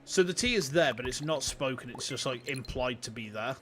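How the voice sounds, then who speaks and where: A man with a Yorkshire accent, chatting casually and excitably while livestreaming a game, swearing freely and greeting his chat. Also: medium pitch, fairly quick, soft background music. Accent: Yorkshire English. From Yorkshire, England. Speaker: streamer. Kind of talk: casual gaming livestream commentary. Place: warm room at home with fans running.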